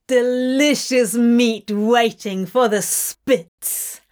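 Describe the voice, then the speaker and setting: A woman voicing a theatrical, cheeky male demon who gloats and teases in a booming, drawn-out way. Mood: gloating menace. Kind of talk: audiobook fanfic reading.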